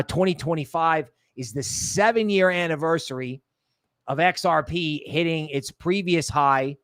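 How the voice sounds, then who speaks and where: A man hosts a casual livestream in a slightly high voice. He rambles and jokes, often sinking into quiet low asides. The sound is close and dry. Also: no room sound. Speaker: crypto livestream host.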